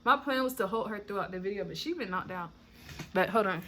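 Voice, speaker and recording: A woman's voice: medium pitch, lively intonation, fast talker, bright, forceful tone, slight background noise. A young woman vlogger telling a candid, chatty story, blunt and swearing freely. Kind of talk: casual story time.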